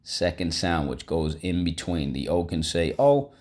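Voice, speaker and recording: A man's voice: deep voice, big pitch swings, measured pace, a little mellow. A man teaching a vocabulary lesson, upbeat and coaxing, repeating each word for students to echo.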